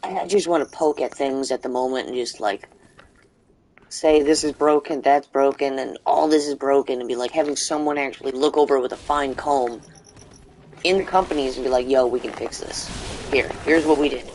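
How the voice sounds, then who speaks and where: A man's voice: medium pitch, moderate pace, darkish tone. A man giving let's play commentary, ranting and rambling with lots of fillers, restarts and swearing. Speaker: gaming channel host.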